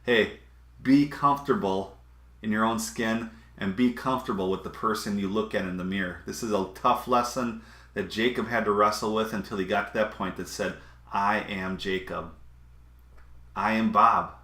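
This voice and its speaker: Male pastor, casual sermon, bright tone, roomy echo. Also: fairly low pitch, steady tone, moderate pace. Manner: conversational, chuckling asides.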